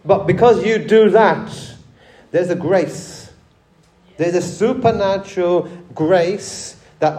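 A man's voice: high voice, slow pace, warm tone, roomy sound. A man preaching a sermon, conversational, often asking the church rhetorical questions and repeating words as he restarts. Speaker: pastor.

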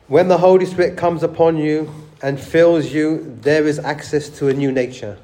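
A man's voice: a little high, fairly even intonation, moderate pace, mellow, roomy sound. A man preaching a sermon, conversational, often asking the church rhetorical questions and repeating words as he restarts. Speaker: pastor.

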